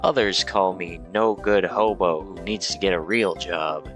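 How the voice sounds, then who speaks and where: A man's voice: low-pitched, a little slow, fairly bright tone, faint music behind. A man voicing a cocky, boastful wandering flirt in a game.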